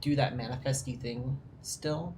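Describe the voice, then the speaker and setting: A man's voice: mid-range voice, a little slow, darkish tone, a little hiss or hum. A man playing in a tabletop game, describing his character's actions hesitantly with many fillers. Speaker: player. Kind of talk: casual tabletop game chat.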